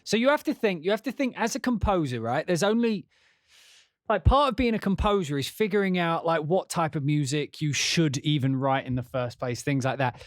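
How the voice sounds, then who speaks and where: English composer guy rambling and swearing on a stream, voice a bit high, dry close sound. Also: expressive, moderate pace, no echo. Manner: rambling and profane, with many restarts. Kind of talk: casual livestream chat.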